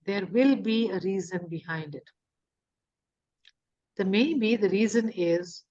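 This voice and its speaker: A woman's voice: mid-range voice, a little slow, pauses often, a little mellow. A woman giving a spiritual teaching talk on emotions, explaining with rhetorical questions and everyday examples. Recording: dull lo-fi recording.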